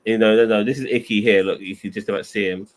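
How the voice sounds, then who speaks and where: A man's voice: fairly low pitch, fairly even intonation, fast. A man chatting casually on a show, rambling and hesitant with many fillers. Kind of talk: casual chat.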